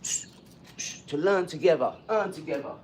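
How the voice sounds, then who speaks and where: A man's voice: on the high side, lively intonation, normal speed, slight background noise. A man, chatting bluntly on a livestream and answering viewers' comments, swearing and often laughing as he talks. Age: 40s. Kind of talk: casual livestream chat.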